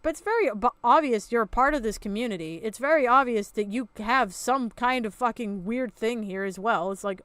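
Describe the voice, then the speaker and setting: A woman's voice: fairly high pitch, normal speed, fairly bright tone, clear, resonant tone, dry recording. A woman hosting a reaction commentary, ranting in a sarcastic, exasperated way and swearing freely. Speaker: commentary channel host.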